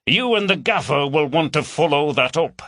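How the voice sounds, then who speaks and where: A man voicing a shrewd police inspector, brisk and measured. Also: a little high, animated, sharp tone, no room sound, studio quality, pitched above the performer's own voice, exaggerated voice.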